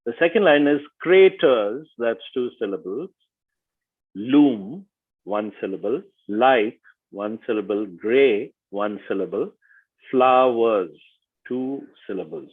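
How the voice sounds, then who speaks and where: Man, workshop facilitator, online lesson, unhurried careful delivery, tinny video-call sound. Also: mid-range voice, animated, slightly rough. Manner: slow, deliberate, stresses each syllable. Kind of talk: online teaching session.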